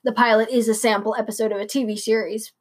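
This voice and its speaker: A woman's voice: a little high, level tone, quick pace. A young woman co-hosting a late-night podcast, rambling casually with lots of fillers and restarts. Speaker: podcast co-host.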